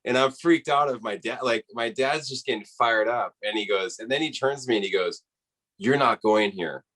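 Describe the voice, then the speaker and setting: A man guest on a podcast, telling an animated story in casual talk and acting out the people he quotes. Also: medium pitch, fairly quick, rough recording. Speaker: interview guest, rower.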